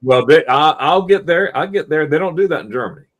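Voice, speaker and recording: Animated middle-aged man telling stories. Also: on the high side, fairly quick. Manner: animated storytelling, quizzing listeners. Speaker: host. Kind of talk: casual live-stream chat.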